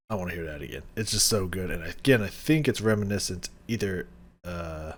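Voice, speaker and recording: A man hosting a music reaction, talking casually with excited, rambling enthusiasm and lots of restarts. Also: low-pitched, slightly rough. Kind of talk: casual reaction and song analysis.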